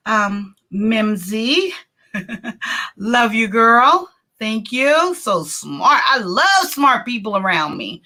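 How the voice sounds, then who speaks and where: A woman's voice: on the high side, sharp tone. A woman hosting a live stream in casual chat, greeting viewers by name and laughing often. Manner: chatty, laughs often, reads viewer names aloud.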